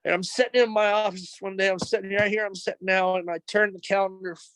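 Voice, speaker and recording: Man, middle-aged, high-pitched voice, dry close sound, earnest testimony, conversational storytelling. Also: steady tone, quick pace, fairly bright tone, clean tone, no echo, low-quality recording. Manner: earnest, emotional, repetitive retelling. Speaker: speaker sharing a recovery testimony. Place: his office.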